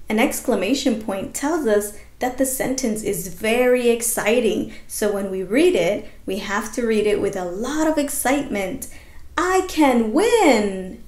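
A woman teaching a kindergarten virtual class and reading a picture book aloud. She talks slowly, draws out each word for young children and praises them often. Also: medium pitch, darkish tone, reverberant. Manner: slow, drawn-out words for young children, praising and encouraging.

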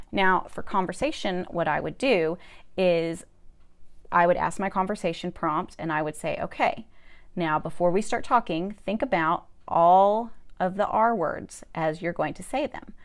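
A young adult woman, a speech therapist, explaining a classroom activity step by step in an upbeat, chatty way with some fillers. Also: on the low side. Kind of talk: instructional video demonstration.

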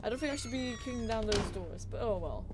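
A woman's voice: a little high, animated, fast talker, background noise. A woman streamer thinking aloud and swearing casually as she plays a game live, with game music behind her. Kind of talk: live gameplay commentary.

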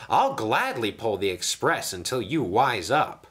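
A man's voice: medium pitch, big pitch swings, measured pace, fairly bright tone, slightly rough, heavily acted. A man voicing a cheeky, teasing engine in a storybook reading.

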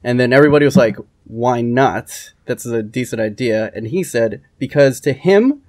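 A man hosting a casual gaming podcast in an animated style that swears casually. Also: mid-range voice, moderate pace. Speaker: podcast host.

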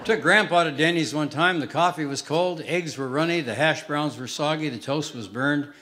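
A man performing a stand-up comedy routine on a stage, telling short jokes and dropping punchlines in a deadpan way. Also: fairly high pitch, moderate pace, a little hiss or hum. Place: theater stage with live audience. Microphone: stage microphone.

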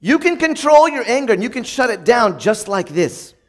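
A man preaching a sermon in a conversational way, reading from old sayings and acting out everyday moments in a bright, upbeat voice. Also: very high-pitched, very animated, moderate pace.

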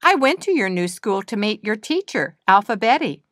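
A woman voicing a calm elderly grandmother nandu bird in a storybook reading, gentle but firm and no-nonsense. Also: medium pitch, moderate pace, no room sound, studio quality, voice pushed up. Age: older.

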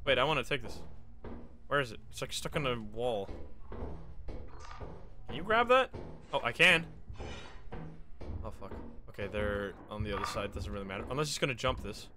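A man streaming a game live, talking to himself and his friends in an excitable way, swearing and laughing often. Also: mid-range voice, normal speed, pauses often, slight background noise. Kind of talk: casual live gameplay commentary.

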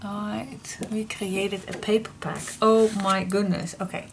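A middle-aged woman with a Dutch accent hosting a paper craft vlog, gushing and excitable, often repeating her delight. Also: mid-range voice, measured pace, noisy background. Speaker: paper craft channel host.

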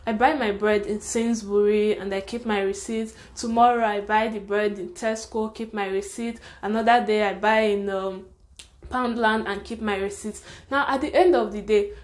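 A young Nigerian woman with a Nigerian accent, talking fast and frankly in a casual storytime vlog, giving advice. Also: mid-range voice, a little mellow. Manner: chatty, fast, frank, with frequent laughter and "sha". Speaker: vlogger.

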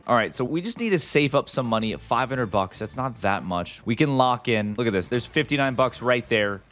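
A man hosting a gaming video, giving casual gameplay commentary with excitable, jumpy reactions and playful mock outrage. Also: lowish voice.

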